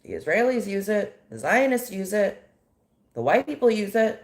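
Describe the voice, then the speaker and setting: A woman's voice: mid-range voice, sing-song, moderate pace, roomy sound. An American woman giving an impassioned, indignant monologue full of rhetorical questions. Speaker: commentator.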